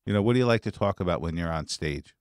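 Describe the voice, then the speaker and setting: A man's voice: deep voice, expressive, fast talker, clear, resonant tone, no echo, studio quality. A man hosting a casual interview, asking questions in a loose, crude and jokey way. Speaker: show host interviewer.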